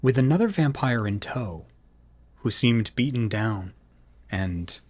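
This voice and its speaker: A man narrating a tabletop horror game as storyteller, in slow, hushed descriptive narration. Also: medium pitch, expressive, dry recording.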